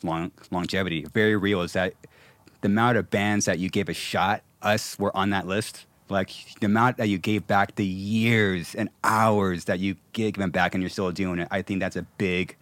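A man's voice: low voice, steady tone, normal speed, a bit bright, no room sound. A male podcast host speaking casually and supportively to his guest. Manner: supportive, brief affirmations.

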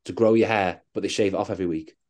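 A man's voice: deep voice, steady tone, racing, darkish tone. A man co-hosting a coaching podcast, ranting bluntly and swearing in casual chat.

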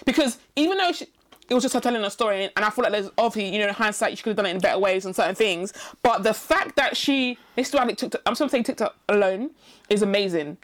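A woman's voice: mid-range voice, fast. A woman co-hosting a casual chat podcast, eagerly chiming in and finishing the other's sentences. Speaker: podcast co-host.

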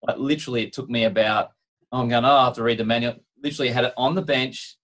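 An Australian man chatting on a tech podcast, rambling from one point to the next with plenty of jokes. His voice sits at an everyday middle pitch, and he talks like a relaxed co-host. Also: fast talker. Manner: joking, rambling storyteller. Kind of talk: casual chat.

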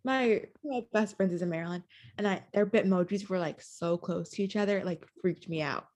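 A woman in her twenties co-hosting a podcast, telling stories in a chatty, animated way with lots of "like". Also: on the low side, brisk. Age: 20s. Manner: chatty, animated storytelling with frequent "like". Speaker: podcast co-host. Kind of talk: casual chat.

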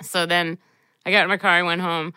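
Woman guest, casual storyteller, bright and crisp, low-ish pitch, dry close sound. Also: flat delivery, brisk, no echo. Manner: laughs through an embarrassing story, acts out her own quotes loudly. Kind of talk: casual chat.

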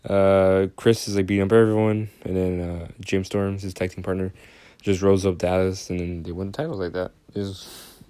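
A man's voice: low voice, mellow, no echo. A young man casually recapping a wrestling episode, rambling, swearing a lot and laughing often. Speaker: podcast host.

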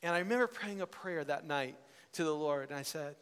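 Man, high voice, worship leader, animated storytelling, long hall reverb. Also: a little fast, clean tone. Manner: animated storytelling, laughing, acting out family members. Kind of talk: personal testimony storytelling.

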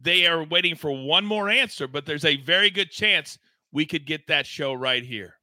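A man's voice: a little high, normal speed, sharp tone, no room sound. A man hosting a live sports betting show, talking in a hyped, emphatic, promotional way. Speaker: host.

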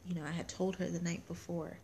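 A woman's voice: lowish voice, level tone, quick pace, mellow, a little hiss or hum. A young woman co-hosting a casual chat show, telling family stories in a chatty way and laughing often. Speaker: podcast co-host.

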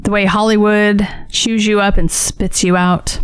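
A woman in her forties co-hosting a podcast, chatting in an animated, profane and joking way. Her voice sits at a middle pitch. The sound is dry and close. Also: unhurried, clear, resonant tone, no echo. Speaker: podcast co-host. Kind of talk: casual chat.

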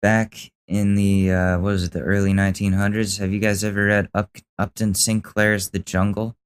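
A man's voice: lowish voice, little pitch movement, normal speed, clean tone. A young man hosting a podcast, commenting on clips in a casual, sarcastic, ranting way. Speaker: podcast host.

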